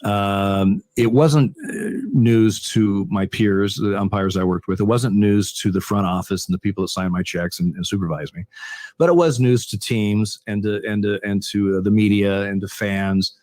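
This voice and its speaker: An older man, a retired umpire, tells stories in an interview, halting and repeating words, with frequent chuckles. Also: on the low side, a little mellow, dry recording. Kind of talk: conversational interview storytelling.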